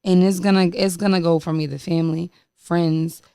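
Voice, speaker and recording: A young woman hosting a casual chat, animated and slangy, swearing freely. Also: fairly low pitch, moderate pace, clear, resonant tone, no echo, studio quality. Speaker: podcast host.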